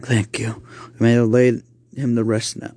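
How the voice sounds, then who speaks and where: A man's voice: mid-range voice, little pitch movement, unhurried, mellow, dry recording, close to an everyday voice. A man voicing a stern male priest and ghost hunter in his late forties, speaking firmly in an amateur spoken story. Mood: solemn.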